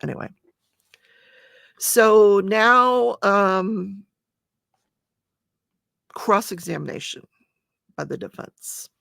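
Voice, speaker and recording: Woman with heavy vocal fry recapping. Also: mid-range voice, expressive, drawn-out words, long pauses, fairly bright tone, no room sound, studio quality. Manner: chatty, reads testimony in plain voice with asides. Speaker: true crime channel host. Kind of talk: casual trial recap, reading quotes aloud.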